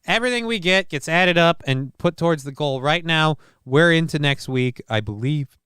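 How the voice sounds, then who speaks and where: A man's voice: fairly high pitch, lively intonation, normal speed, pushed and bright, clear, resonant tone, no room sound, clean studio sound. A man hosting his own live-stream show, reading news items aloud and riffing on them in a profane, rambling way. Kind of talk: casual live-stream commentary.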